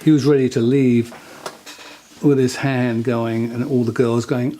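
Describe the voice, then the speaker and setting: A man being interviewed, telling rambling anecdotes with many restarts and quick acted-out quotes of other people. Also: medium pitch, steady tone, dark tone. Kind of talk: casual anecdotal storytelling.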